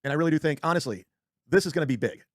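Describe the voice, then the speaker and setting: A man on a livestream talks fast in a slightly high voice. He rambles and swears, restarting sentences as he goes. The sound is dry and close. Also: lively intonation, dry recording. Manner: rambling, profane, self-interrupting. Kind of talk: casual livestream rant.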